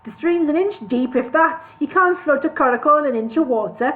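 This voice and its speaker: A woman voicing a brash male dwarf who scoffs loudly and brushes off every worry. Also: high voice, expressive, a little fast, a little hiss or hum, pitched above the performer's own voice. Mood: scoffing. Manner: loud, scornful and dismissive. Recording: tinny phone-like sound.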